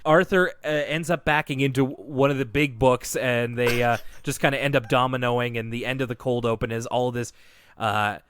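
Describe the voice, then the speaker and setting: A man co-hosts a podcast in a relaxed, rambling way, correcting himself mid-sentence and breaking into laughter. His voice sits at an ordinary pitch, recorded dry and close with no room sound. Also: moderate pace, clear, resonant tone, no echo. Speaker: podcast co-host. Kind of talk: casual chat recapping a cartoon episode.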